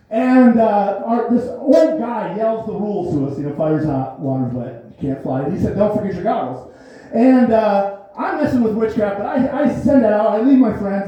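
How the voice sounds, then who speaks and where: A man doing a stand-up comedy set, telling a loose, rambling story and laughing often at his own lines. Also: sits high. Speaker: stand-up comic. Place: small comedy theater stage. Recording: very echoey, dull theater recording.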